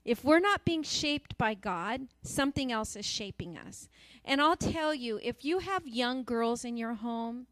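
A woman's voice: fairly high pitch, animated, unhurried, a bit bright, dry recording. A woman preaching a sermon in an earnest, emphatic way, repeating phrases for stress.

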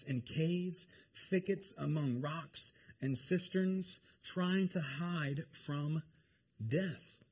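A man preaching a lively, joking sermon to his congregation. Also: high voice, slightly rough. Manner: animated, jokey, talks to the congregation. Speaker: pastor.

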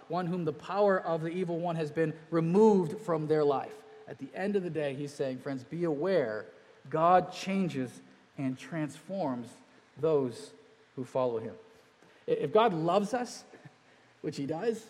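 A man preaching a sermon as pastor, earnest, with pauses and restarts. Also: fairly high pitch, a little mellow. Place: church sanctuary. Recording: long church reverb.

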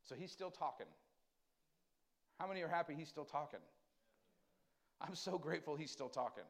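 A man preaching a conversational sermon, asking the congregation questions and swinging between loud emphasis and quiet, tender lines. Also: fairly high pitch, moderate pace, creaky. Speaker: pastor.

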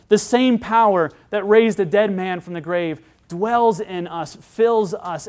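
A man preaching a sermon as pastor, conversational and animated, often restarting his phrases. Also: sits high.

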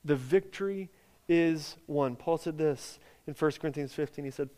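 A man's voice: a little high, normal speed, warm tone. A man preaching a sermon as pastor, talking conversationally with lots of "like" and building to emphatic peaks. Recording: long hall reverb.

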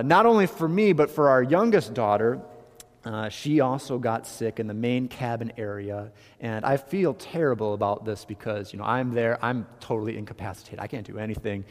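Pastor, man, animated storyteller, mid-pitched voice, long hall reverb. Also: moderate pace. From Michigan. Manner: animated storytelling, emphatic swings in loudness. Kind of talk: sermon.

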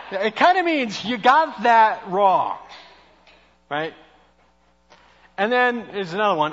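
A male pastor preaching a conversational, self-deprecating sermon in an animated way. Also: high voice, normal speed, long pauses, big-room sound, highs cut off.

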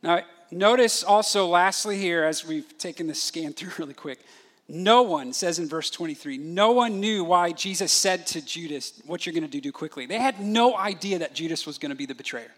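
High-voiced animated male pastor. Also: normal speed. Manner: animated, acts out the disciples' questions. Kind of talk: expository sermon.

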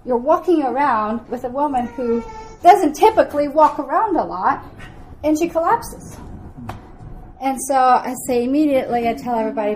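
A woman tells a story in a relaxed, chatty way. She fills her speech with "um" and "like" and acts out the dialogue she quotes. Her voice sits a little high, and clear background noise runs under the recording. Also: moderate pace, low-quality recording. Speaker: family devotional speaker. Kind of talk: casual storytelling.

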